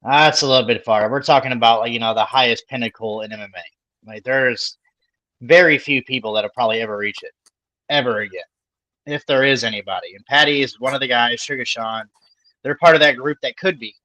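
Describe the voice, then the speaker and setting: A man's voice: mid-range voice, brisk, pushed and bright, rough recording. A man giving his views as a panelist in a casual sports talk, laid-back and conversational, with hedges. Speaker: podcast panelist.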